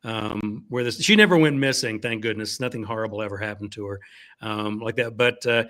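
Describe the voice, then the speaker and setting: A man's voice: fairly low pitch, a little fast, bright, forceful tone. A man, a guest author, chatting casually with many fillers and then reading aloud from his novel. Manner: rambling, frequent "like that" and fillers.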